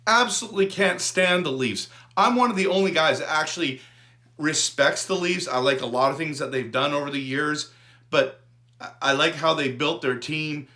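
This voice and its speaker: A man hosting a fan channel, ranting about a sports figure in an animated, repetitive way. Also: a little high, moderate pace. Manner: animated, repetitive, restarts words. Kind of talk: fired-up fan rant to camera.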